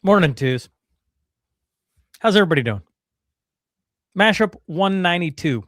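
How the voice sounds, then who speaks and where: A man hosting a casual morning podcast, teasing his co-host with quick, lively asides. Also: high voice, dry recording, studio quality. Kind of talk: casual morning show chat.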